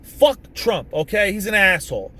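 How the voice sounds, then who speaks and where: A man's voice: high voice, very animated, moderate pace, sharp tone. A man ranting casually to camera in a vlog, rambling with many restarts, swearing and bursting out emphatically. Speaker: vlogger. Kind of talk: casual political rant to camera. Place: in a vehicle.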